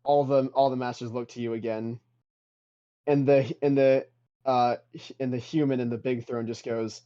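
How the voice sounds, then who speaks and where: A man's voice: medium pitch, highs cut off. Man narrating a tabletop game. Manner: relaxed, halting with fillers. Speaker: game master.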